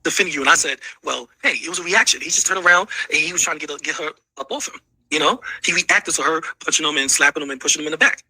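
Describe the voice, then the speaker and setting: A man's voice: a little high, quick pace, sharp tone, slightly rough, no echo, rough recording. A sick man ranting heatedly, lecturing with profanity and a lot of repetition. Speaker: streamer being reacted to. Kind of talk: heated rant.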